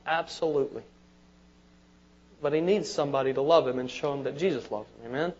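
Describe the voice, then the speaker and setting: A man's voice: mid-range voice, brisk, pauses often, a little mellow. A man preaching a sermon as pastor, conversational, repeating words and asking the congregation "amen?". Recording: dull lo-fi sermon recording.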